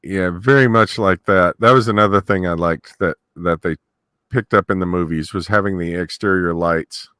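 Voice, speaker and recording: A man giving relaxed, reflective remarks in a casual movie commentary. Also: deep voice, normal speed, clean tone, no echo, studio quality.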